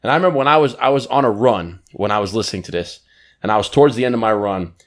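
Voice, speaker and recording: Animated man telling stories. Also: fairly low pitch, very fast. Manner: animated storytelling, acts out quotes. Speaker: podcast co-host. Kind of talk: casual chat.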